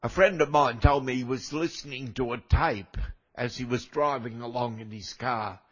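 A man's voice: medium pitch, normal speed, a bit bright, husky, dull audio. An older man preaching a sermon with a cold, speaking conversationally and making wry asides to the congregation. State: has a cold, coughing now and then.

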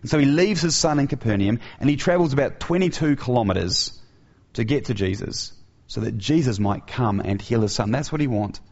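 A man's voice: mid-range voice, lively intonation, fairly quick, a little mellow. A man preaching an earnest sermon who asks his listeners rhetorical questions, in a dull, lo-fi recording.

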